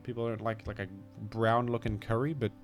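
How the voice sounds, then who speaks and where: Casual, rambling game commentary comes from an Australian streamer who puts himself down and lets sentences trail into mumbles. He talks briskly at a fairly low pitch with little pitch movement, and faint music plays behind.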